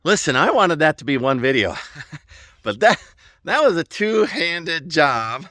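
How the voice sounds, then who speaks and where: Out on rural land, a man rambles folksily through a casual DIY vlog as he repairs a trailer tire, chuckling now and then and sounding out of breath. He speaks a little slowly yet very animatedly, with a fairly high, sharp voice. The sound is studio quality with no echo.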